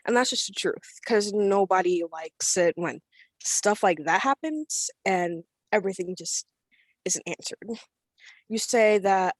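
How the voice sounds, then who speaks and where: A woman's voice: medium pitch, a little slow, dry recording, clean studio sound. A teenage girl from Florida, giving angry, confrontational public comment over a remote video call and speaking bluntly with some swearing. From Florida, USA. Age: teens. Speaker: public commenter at a school board meeting.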